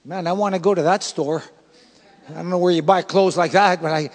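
A male pastor delivering an emphatic sermon, swinging between loud bursts and soft asides. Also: high-pitched, expressive, normal speed, long reverb tail. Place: church sanctuary.

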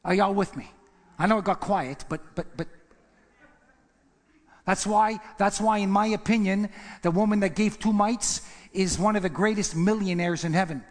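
A man preaching a sermon as pastor, emphatic, repeating words and swinging between loud and hushed lines. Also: high voice, normal speed, pauses often, in a large hall. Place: church.

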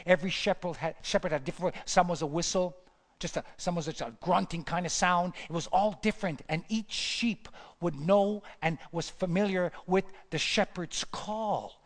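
Fervent, high-voiced man preaching in a hall. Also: normal speed. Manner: emphatic repetition, builds to fervent peaks. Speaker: pastor. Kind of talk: sermon.

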